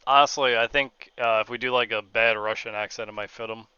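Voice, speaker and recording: A man's voice: medium pitch, fairly even intonation, a little fast, bright, forceful tone, clean tone, lo-fi sound. A man streaming a video game, chatting and swearing casually and joking with viewers. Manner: profane, joking, frequent laughs. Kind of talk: gaming livestream commentary.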